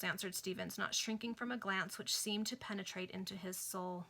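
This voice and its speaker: A woman reads a novel aloud to her friends over a video call. She narrates plainly and casually in a bright voice, with no performance polish. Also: mid-range voice, fairly even intonation, normal speed, gravelly, hardly any pauses. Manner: plain narration with offhand asides. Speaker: reader.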